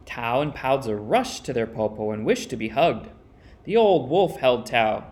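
A man reads a children's picture book aloud, with dramatic pauses for suspense. His voice sits in a middle pitch and swings widely up and down with every turn of the tale. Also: sing-song. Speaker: storyteller. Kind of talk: storybook read-aloud.

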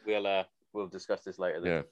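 A man's voice: sits low, steady tone, brisk, highs cut off, a little hiss or hum. A man co-hosting a podcast, chatty and laughing often in casual talk. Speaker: podcast co-host.

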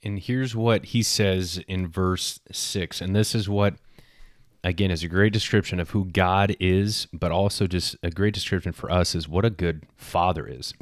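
A man's voice: low-pitched, fairly even intonation, normal speed, dry recording, clean studio sound. A man hosting a podcast, talking earnestly about fatherhood with frequent fillers, restarts and repeated words. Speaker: podcast host. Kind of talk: casual faith talk on fatherhood.

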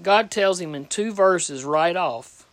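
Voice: mid-range voice, slow, a bit bright, no room sound. Folksy preacher in a dry room. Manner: folksy, plain-spoken, repeats phrases for emphasis. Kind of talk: conversational sermon with scripture reading.

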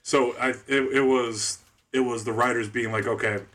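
A man co-hosting a casual podcast chat, explaining points in a measured way. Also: medium pitch, fairly even intonation, fairly bright tone.

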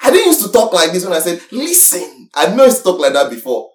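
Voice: medium pitch, sing-song, fast talker. Emphatic preacher in an echoey hall. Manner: emphatic, repeats points, swings between loud and soft; asks listeners for agreement. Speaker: preacher teaching a congregation. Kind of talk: sermon. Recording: echoey hall, voice from far off the mic.

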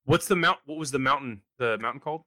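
Bright-voiced male co-host. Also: mid-range voice, quick pace, dry recording. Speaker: co-host and beatboxer. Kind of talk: casual livestream chat.

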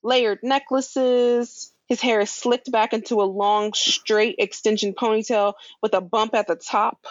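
A woman's voice: fairly high pitch, steady tone, measured pace, hardly any pauses, no room sound, muffled recording. Laid-back woman recapping, dry sound. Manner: laid-back, swears casually, laughs often. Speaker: podcast co-host recapping a show. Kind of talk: casual recap chat.

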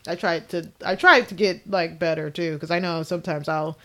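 A woman's voice: fairly low pitch, steady tone, moderate pace, a bit bright. A young woman teaching abroad, talking casually on a podcast about studying animation and pronunciation.

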